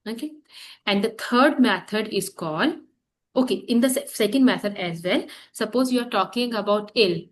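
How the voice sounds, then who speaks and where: A woman teaching a French class, explaining slowly with pauses, repeating key terms and often saying "that is". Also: mid-range voice. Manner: halting, repeats terms, fills gaps with "that is". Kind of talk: classroom lesson. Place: classroom with students.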